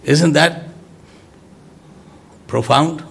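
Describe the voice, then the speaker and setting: A man delivers an emphatic sermon, rising into loud exclamations and then dropping to soft low words. His voice is gravelly and husky, and he takes his time. He speaks to a congregation as their preacher. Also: extremely slow.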